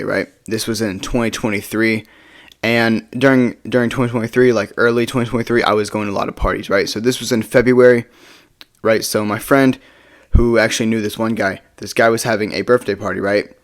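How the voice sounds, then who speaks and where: A young man telling a casual storytime, rambling and tagging sentences with "right?". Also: fairly low pitch. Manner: rambling, tags lines with "right?".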